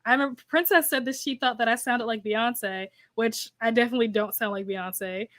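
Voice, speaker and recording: A woman's voice: fairly high pitch, brisk, a bit bright. A young woman hosting a casual livestream, chatting and reading viewer comments aloud, laughing often. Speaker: host.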